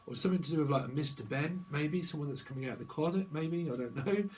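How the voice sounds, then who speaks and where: A man's voice: on the high side, fast talker, few pauses, darkish tone, slight background noise, rough recording. A middle-aged man giving a casual tarot reading, rambling and free-associating from one idea to the next. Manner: rambling, free-associating, drifts into playful voices. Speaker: tarot reader.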